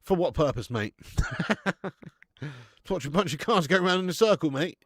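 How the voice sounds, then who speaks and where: A man hosting a live football watch-along, chatting in a sweary, jokey way and breaking into excited commentary. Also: fairly high pitch, moderate pace, pauses often, no echo, studio quality. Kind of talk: live match commentary and chat.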